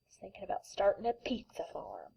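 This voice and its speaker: A woman's voice: mid-range voice, brisk, creaky, breathy edge, poor audio. A woman teaching kindergarten, reading a picture book aloud and asking the children questions. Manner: animated, asks the children questions.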